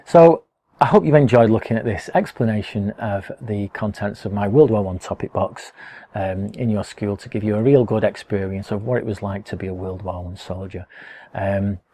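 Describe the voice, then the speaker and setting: A man's voice: fairly low pitch, warm tone, slightly rough. A man, explaining things to schoolchildren in a friendly, chatty way with lots of fillers. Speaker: educator presenting a school topic box.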